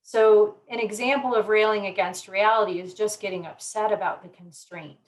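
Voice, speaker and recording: Measured woman psychologist explaining. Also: mid-range voice, fairly even intonation, low-quality recording. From Colorado. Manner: explanatory, measured, gives everyday examples. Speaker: psychologist guest. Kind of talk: conversational interview.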